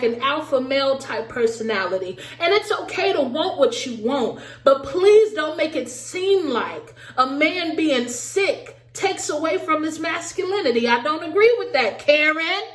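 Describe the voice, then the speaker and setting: A woman with a fairly high voice recaps reality TV in a lively, sassy way, talking straight to her viewers. The room around her is echoey. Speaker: recap vlogger. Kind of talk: casual TV recap commentary.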